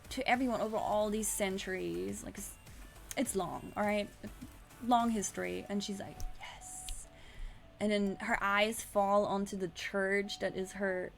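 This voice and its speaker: Woman, streamer, casual recap, rambling, swears a lot, gravelly, faint background music. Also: mid-range voice. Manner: rambling, frequent restarts and swearing.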